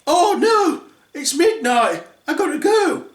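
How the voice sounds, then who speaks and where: A man voicing Cinderella as a cheery young woman in a high falsetto. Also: slow, echoey room, recorded from a distance. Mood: chirpy.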